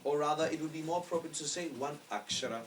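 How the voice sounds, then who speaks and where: A man's voice: a little high, fast talker. Man teaching, patient and explanatory. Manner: patient, explanatory, often checks understanding. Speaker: astrology teacher. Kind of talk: classroom lecture. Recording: distant mic with faint background noise.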